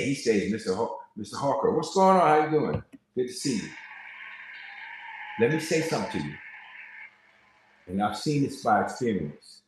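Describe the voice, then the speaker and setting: Male preacher on a live stream, lowish voice, chatty delivery, very echoey room. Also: background noise. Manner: conversational, repeats words when starting a thought, quotes scripture. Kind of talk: casual preaching to a live online audience.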